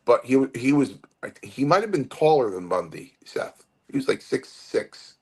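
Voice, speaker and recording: A man's voice: mid-range voice, moderate pace, creaky, husky. A man in his fifties, from Connecticut, telling a long wrestling-school story in an interview with many restarts. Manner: rambling, animated storytelling with restarts. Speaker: guest wrestler.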